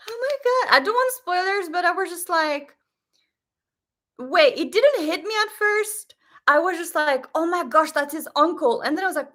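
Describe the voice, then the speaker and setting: A woman hosting a casual live stream, talking in an excitable, gushing way with lots of fillers. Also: very high voice, normal speed. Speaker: live stream host reacting to a series. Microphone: webcam setup.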